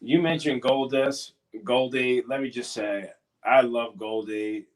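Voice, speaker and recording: A man's voice: medium pitch, steady tone, measured pace, slight background noise. A man, a former pro wrestler, telling stories as a guest in a casual interview, rambling and repeating himself. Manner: rambling, repeats words and restarts.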